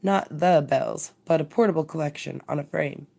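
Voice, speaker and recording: A woman narrating a classic story aloud as a bedtime reading, measured and expressive. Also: sits low, creaky.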